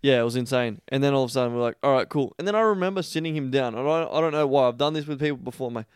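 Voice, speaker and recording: Brash, smooth-voiced Australian man. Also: medium pitch, racing, no room sound, clean studio sound. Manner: blunt, brash, swearing. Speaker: podcast host. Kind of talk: casual podcast chat.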